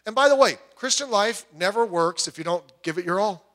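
Middle-aged male pastor with a high voice; emphatic preaching that drops to quiet asides. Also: animated, a little fast. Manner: emphatic, swings between loud urging and quiet asides. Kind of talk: sermon.

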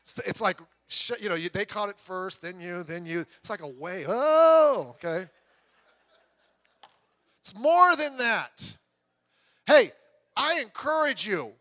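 High, bright-voiced animated male preacher. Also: no room sound. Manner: animated storyteller, acts out voices, rising to loud exclamations. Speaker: pastor. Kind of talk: conversational sermon with humor.

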